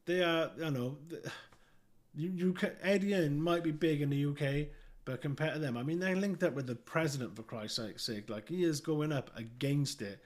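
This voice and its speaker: A man's voice: a little high, moderate pace. A man reading out news and giving blunt, profane, scornful commentary.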